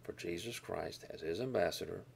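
A man teaching a Bible lesson, explaining verses and Greek words with deliberate emphasis on key words. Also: sits low, vocal fry, darkish tone, breathy edge.

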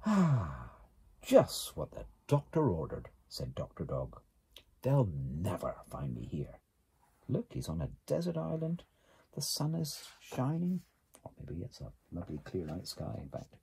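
A man reading a children's picture book aloud, animated, gasping and exclaiming at the pictures. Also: sits low, unhurried, vocal fry, breathy edge. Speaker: reader.

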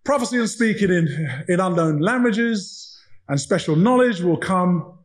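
A pastor with a strikingly high voice delivers a sermon. He tells his stories with animation and acts out both sides of each exchange, his voice climbing even higher at the peaks. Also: normal speed, low-quality recording. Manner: animated storytelling, acting out dialogue.

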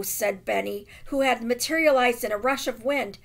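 A woman teacher reading a children's novel aloud with expressive, dramatic emphasis. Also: a little high, normal speed, creaky, hardly any pauses.

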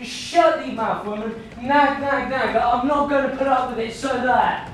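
A man plays a timid little boy, pitched high above a grown man's usual range, who whines and pleads and yells when he is teased. The voice comes from far across a very echoey stage, with faint hiss behind it. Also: fairly even intonation, unhurried. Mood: play-acting. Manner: whiny, pleading, shouting. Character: timid bullied young boy. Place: theatre stage.

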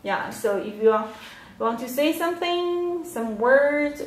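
A woman teaching a livestream language lesson, explaining slowly and patiently with many fillers. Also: sits high, lively intonation. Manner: slow, patient explaining with frequent yeah and fillers. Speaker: Chinese teacher. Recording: roomy echo, a little off mic.

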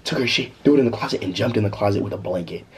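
A young man telling a story casually in a vlog, animated and slangy, breaking into laughter. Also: on the low side, rapid-fire, noisy background. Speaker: vlogger.

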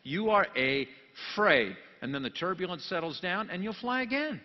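A pastor giving a jokey sermon, dropping to quiet asides and then rising into loud, emphatic bursts. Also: male voice, sits high, very animated, moderate pace. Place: church sanctuary. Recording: long church reverb, dull lo-fi sound.

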